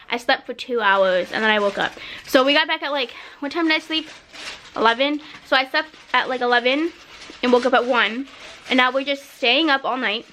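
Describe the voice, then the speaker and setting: A young woman talks to her camera in a hotel room, rambling along with plenty of fillers. Her voice sits high. A faint hiss runs behind her. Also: bright, forceful tone. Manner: rambling, chatty, many fillers. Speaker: student vlogger. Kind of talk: casual vlog chat.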